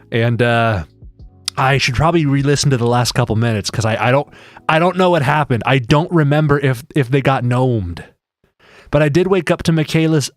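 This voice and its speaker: Male streamer, loose rambling chat, dry close mic, soft music underneath. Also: medium pitch, no room sound. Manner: rambling, jokey, many restarts. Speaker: live streamer. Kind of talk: casual live-stream chat.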